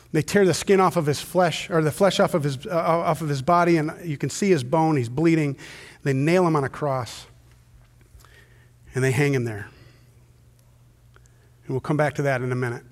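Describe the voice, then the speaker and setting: A male pastor preaching a sermon, swinging from hushed, slow storytelling to loud, intense emphasis. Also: a little high. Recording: long hall reverb.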